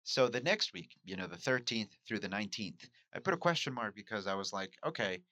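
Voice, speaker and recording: A man's voice: fairly low pitch, lively intonation, brisk, bright, forceful tone. A man from Mexico who hosts a podcast and does stand-up, talking through his week in a reflective solo monologue, musing and candid. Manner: musing, self-questioning, candid. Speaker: podcast host and amateur stand-up comic.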